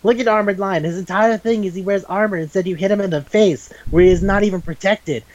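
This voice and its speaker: A man doing a fussy villain boss who scolds in a raised, whiny pitch. The sound is dull and lo-fi, and the room is dry. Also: normal speed, no room sound, natural voice. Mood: indignant. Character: fussy male villain leader, indignant.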